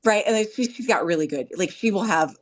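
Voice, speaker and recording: A middle-aged woman chatting as a podcast guest, telling animated stories and often checking in with the listener. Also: medium pitch, fast. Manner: animated storytelling, checks in with "right?". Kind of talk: casual podcast chat.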